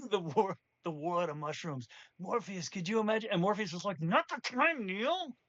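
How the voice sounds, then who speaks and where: A man's voice: high-pitched, moderate pace, dry recording, lo-fi sound. A man narrating as game master for a tabletop game, rambling and casual, swearing freely.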